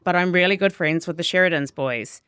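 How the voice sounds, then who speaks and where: A middle-aged woman with a New Zealand accent, a chef chatting casually as an interview guest, lively and full of quoted asides. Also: fairly low pitch, fairly quick, smooth, no room sound, clean studio sound.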